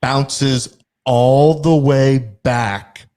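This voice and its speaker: A young man hosting a casual podcast, telling a story with lively acted-out quotes. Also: mid-range voice, drawn-out words. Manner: animated, acts out quotes. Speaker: podcast host.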